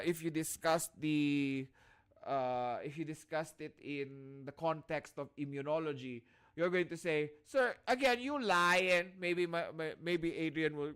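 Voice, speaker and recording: Filipino guy teaching class over a video call, slightly high voice, keeps going "all right?" and restarting lines. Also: clean tone. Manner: checks in constantly with "all right?"; restarts and repeats phrases as he explains. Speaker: lecturer. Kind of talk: online class lecture.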